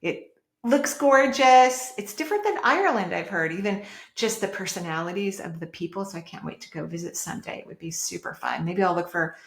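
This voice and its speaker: A woman hosting a podcast, giving emphatic, animated spiritual advice and laughing easily. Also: on the low side, fairly quick. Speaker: podcast host and intuitive. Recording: roomy echo.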